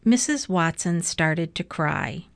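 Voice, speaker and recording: A woman reading a children's book aloud with slow, gentle, clear storytelling. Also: on the low side, animated, no room sound. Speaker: storybook reader.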